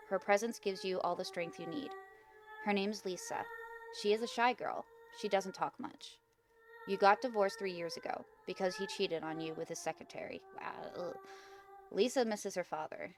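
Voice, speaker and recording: A young woman with a fairly low-pitched voice hosts a gaming video, casually reading an interactive horror story aloud while giggling and stumbling over words.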